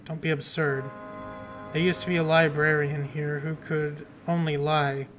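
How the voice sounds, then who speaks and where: A man's voice: fairly high pitch, little pitch movement, a little slow, close to an everyday voice. A man reading game dialogue aloud as a fussy, guarded older woman librarian who calls people dearie. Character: prim, jumpy older woman librarian hiding secrets. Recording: game music playing behind.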